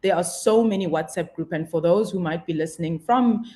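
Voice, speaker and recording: Thoughtful woman, low voice. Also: fairly quick, warm tone. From South Africa. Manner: thoughtful, hesitant with frequent ums. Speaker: guest. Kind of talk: reflective radio conversation.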